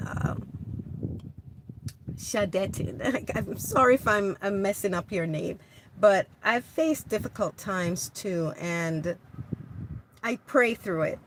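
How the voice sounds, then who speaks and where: A woman hosting a casual livestream, chatting with viewers in a gentle, hesitant way full of restarts. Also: medium pitch, noisy background. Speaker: livestream host. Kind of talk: casual livestream chat reading comments.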